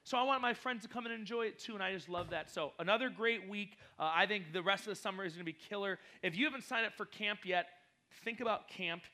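A man speaking as a youth pastor to a group of kids, energetic and teasing, quizzing the audience with playful questions. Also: high voice, quick pace. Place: church hall.

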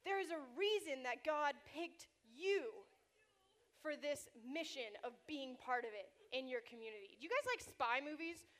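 A young woman leading youth ministry, giving a lively, playful talk at church to a room of middle schoolers. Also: high-pitched, moderate pace. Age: young adult. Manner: energetic, chatty, playful storytelling.

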